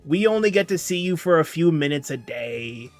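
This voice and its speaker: A man's voice: fairly high pitch, expressive, moderate pace. A tired young man chatting casually on a livestream, reading chat and rambling along. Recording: music playing faintly behind. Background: faint background music.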